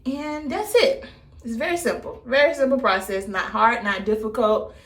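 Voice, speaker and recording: A woman in her thirties with a fairly high voice, chatting in a playful, jokey way while she styles her hair. She talks to the viewers like friends. The room is echoey. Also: moderate pace, a bit bright. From United States. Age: 30s. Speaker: hair vlogger. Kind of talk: casual chat while styling hair on camera.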